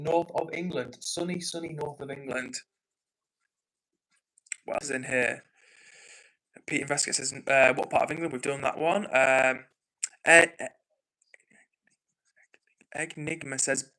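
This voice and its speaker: A man's voice: medium pitch, bright, forceful tone, low-quality recording. A man hosting a casual livestream, reading viewer comments aloud and chatting back in a rambling, apologetic way. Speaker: livestream host. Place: home in the north of England.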